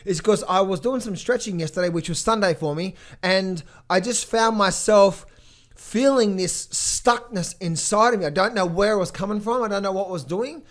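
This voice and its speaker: A hoarse man in his thirties or forties, a trading coach giving blunt, emphatic motivational talk and market commentary in a vlog. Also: high-pitched, moderate pace. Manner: emphatic, blunt, swears freely.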